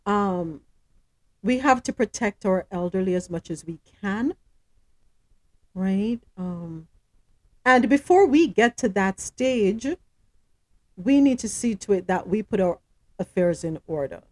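A woman hosts a casual news program, moving between reading stories and giving her own emphatic commentary. Her pitch swoops widely as she talks. She often leans on rhetorical questions to drive her point home. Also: expressive, slow pace, pauses often, darkish tone. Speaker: host.

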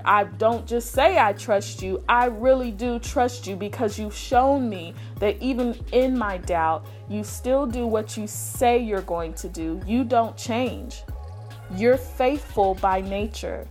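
Earnest woman talking faith, music behind. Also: slow. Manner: earnest, acts out pleading prayers in a higher voice. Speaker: faith podcast host. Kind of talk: casual devotional talk.

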